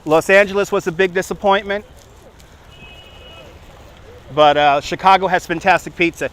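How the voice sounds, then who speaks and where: Casual male tour guide in his 40s, high voice, chatty live-streamer recording outdoors on a phone. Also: normal speed, pauses often, fairly bright tone. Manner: chatty, laughs at his own jokes. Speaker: livestreaming walking tour guide. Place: outdoors on city streets and a park. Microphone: phone on a handheld gimbal.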